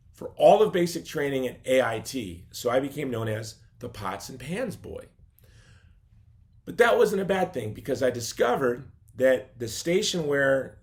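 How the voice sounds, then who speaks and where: Gravelly-voiced man telling his story. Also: medium pitch. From Chicago. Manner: earnest storytelling, drops to quiet asides. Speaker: gala speaker. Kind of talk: personal testimony speech.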